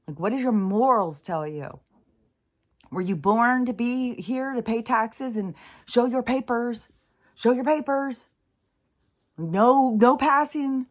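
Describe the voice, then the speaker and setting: A woman vlogger in an exasperated, profane ranting monologue, swearing often and mocking other people's voices. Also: medium pitch.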